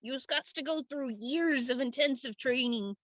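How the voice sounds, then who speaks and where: A woman game master voicing a gruff, touchy working man who talks tough-guy slang with broken grammar, slow and suspicious. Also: high-pitched, no echo, natural voice, rough recording. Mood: stern. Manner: suspicious, slow, drawn-out delivery. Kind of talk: tabletop role-play voice acting.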